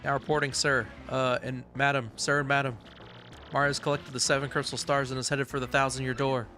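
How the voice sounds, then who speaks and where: A small winged minion, as a man voices him, eager and flustered as he stammers out a report. Soft game music plays behind the mid-pitched voice. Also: little pitch movement, brisk, close to an everyday voice. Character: breathless male winged goomba messenger.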